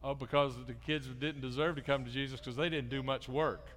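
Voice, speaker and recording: A middle-aged pastor gives a children's sermon, coaxing the kids with lively questions. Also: male voice, medium pitch, brisk. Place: church sanctuary. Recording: long reverb of a large church hall.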